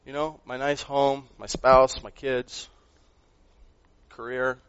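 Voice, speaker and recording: A man's voice: medium pitch, little pitch movement, takes it slowly, smooth, dry recording. Earnest preaching man, dull dry sound. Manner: earnest, swings between loud emphasis and quiet asides, repeats words. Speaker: pastor. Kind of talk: sermon.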